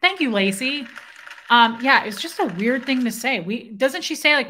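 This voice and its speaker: A young woman hosts a casual livestream, talking straight to her viewers and reading their comments aloud. Her voice sits a little high and sounds very bright. She stays playful and self-mocking, and now and then she slips into a snatch of song. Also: lively intonation, moderate pace, a little hiss or hum. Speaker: livestream host.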